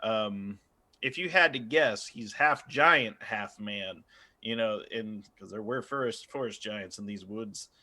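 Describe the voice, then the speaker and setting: A man's voice: lowish voice, a little slow, sharp tone. A man narrating as game master of a tabletop game, loose and rambling with many fillers.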